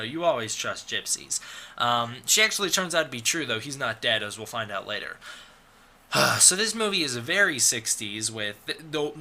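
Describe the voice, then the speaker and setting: A man's voice: medium pitch, sharp tone. A man giving a casual, rambling film review, sarcastic and full of fillers and restarts. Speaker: movie reviewer.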